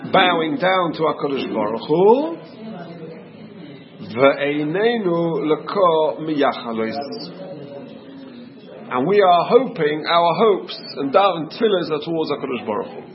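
A man's voice: fairly high pitch, big pitch swings, moderate pace. A man teaching a Talmud class, explaining by asking questions and answering them himself. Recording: dull lo-fi recording with audience noise.

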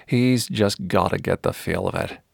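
A man's voice: low voice, moderate pace, vocal fry, husky, no room sound, studio quality, full character voice. A man voicing a laid-back male surfing crew member who talks in a reassuring way in a storybook reading. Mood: easygoing.

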